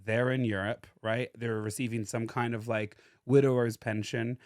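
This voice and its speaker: A man's voice: mid-range voice, little pitch movement, moderate pace, no echo, clean studio sound. A young American man casually telling a true-crime story as a podcast co-host, full of "like" fillers. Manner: chatty, lots of "like" fillers and laughter.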